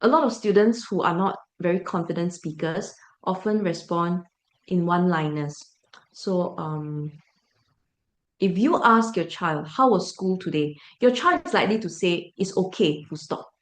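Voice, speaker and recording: A woman's voice: fairly low pitch, unhurried, reverberant. A woman giving a parent briefing as a teacher, emphatic and full of rhetorical check-ins.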